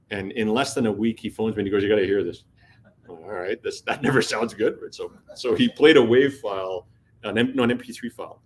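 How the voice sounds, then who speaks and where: A middle-aged man speaks at a conference in a conference hall, telling stories casually, acting out the quotes, and swearing freely. His voice is on the low side, with slight background noise.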